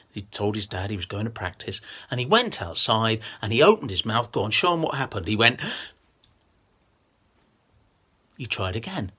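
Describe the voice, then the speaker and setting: A man's voice: on the low side, fairly bright tone, breathy edge. A man telling a children's story with a lion puppet, in a playful, coaxing way.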